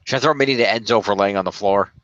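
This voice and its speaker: A man's voice: fairly low pitch, a bit bright, no echo, highs cut off. Man rattling off a wrestling recap. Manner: narrates events in quick run-on summaries, swears casually. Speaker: podcast co-host recapping wrestling. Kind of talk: casual recap chat.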